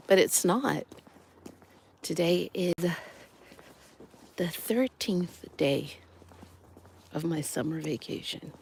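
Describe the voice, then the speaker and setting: Middle-aged person vlogging on a walk, chatty and thoughtful, mid-pitched, traffic hum in the background. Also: creaky, darkish tone. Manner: chatty, reflective, with restarts. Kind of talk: casual walking vlog. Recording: noisy outdoor recording with passing vehicles.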